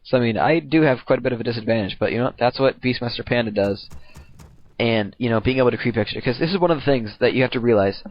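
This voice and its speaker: A man's voice: medium pitch, fast, muffled recording. A young man casually commenting on his own game replay, rambling, slangy and profane.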